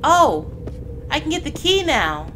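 A woman playing a horror game, reacting out loud and swearing when startled. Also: sits high, big pitch swings, a little slow. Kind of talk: let's play commentary. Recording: background noise under the voice.

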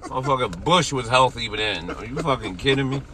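A man co-hosting a live stream, roasting his nephew in loud, profane banter with bursts of laughter. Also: mid-range voice, brisk, a crowd in the background. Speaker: co-host, the uncle. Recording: noisy live-stream audio.

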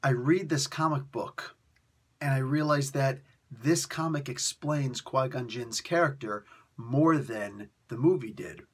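A man reviewing comics on video in a ranting, sarcastic way, swinging between loud outbursts and quiet mutters, and sounding tired. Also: medium pitch, a little slow, breathy edge. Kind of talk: animated solo video review.

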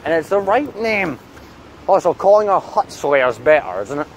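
A man's voice: a little high, sing-song, normal speed, slight background noise. A man vlogging outdoors in town, chatting casually and ranting with heavy swearing. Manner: angry swearing rant. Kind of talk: casual vlog chat.

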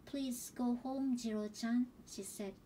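Slow, soft-toned woman reading a story. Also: fairly high pitch, steady tone, distant mic, a little hiss or hum, poor audio. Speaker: audiobook reader.

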